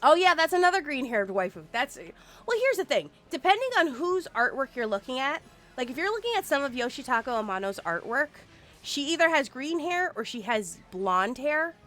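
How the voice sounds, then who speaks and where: A woman's voice: sits high, very animated, normal speed, a bit bright. A woman in her forties, a game streamer, chatting casually and swearing now and then while she plays. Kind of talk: casual live-stream chat. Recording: faint music behind.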